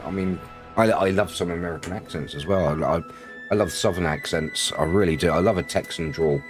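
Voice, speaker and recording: Brief: man from Britain, low voice, rambling and chatty, greets viewers, faint music behind. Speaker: game streamer. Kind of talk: casual live-stream chat.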